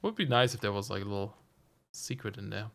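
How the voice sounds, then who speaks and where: A man's voice: on the low side, quick pace, creaky, a bit bright. A man streaming a video game, giving casual commentary and thinking aloud with frequent chuckles. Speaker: let's play streamer.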